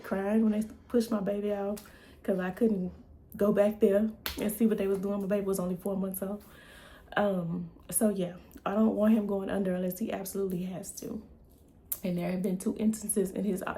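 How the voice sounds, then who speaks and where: A woman vlogger and mother casually retelling a story to her camera in a chatty, animated way. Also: mid-range voice, gravelly.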